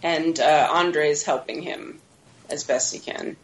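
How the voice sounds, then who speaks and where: A woman with a somewhat low voice co-hosts a casual podcast chat. She retells a film's plot scene by scene, often laughing and acting out quoted lines. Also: slow pace, poor audio. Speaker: podcast co-host. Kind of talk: casual movie recap chat.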